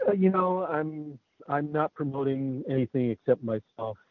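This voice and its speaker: A man's voice: a little high, lively intonation, moderate pace, dry recording. A man speaking as an interview guest, a cinematographer chatting in a friendly, hesitant way with many fillers. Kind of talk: casual interview chat. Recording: tinny phone line.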